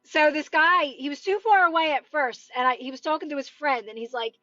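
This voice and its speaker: Woman, high voice, casual rambling livestream coach, filler-heavy, dry and slightly dull phone audio. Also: a little fast, bright, forceful tone, dry recording. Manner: chatty and rambling, full of "like" and "right?". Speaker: manifestation coach. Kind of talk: casual livestream chat with viewers.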